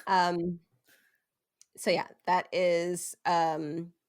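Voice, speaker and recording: A woman's voice: lowish voice, little pitch movement, drawn-out words, clear, resonant tone. A young woman hosting a podcast, telling spooky tales in a casual, self-deprecating way and laughing often mid-sentence. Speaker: podcast host. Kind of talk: casual storytelling chat.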